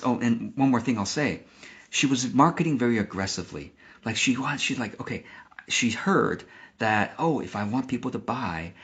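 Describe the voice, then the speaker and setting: Guy coaching on business to camera, lowish voice, calm and gentle, lots of restarts. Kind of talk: casual talk to camera.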